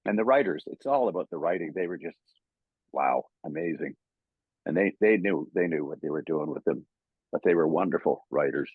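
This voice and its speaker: A man's voice: rumbling low, expressive, a little fast, husky, dry recording, phone-quality sound. An older Canadian man telling stories in a casual interview, laughing often and stammering as he acts out old quotes. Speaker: voice actor guest.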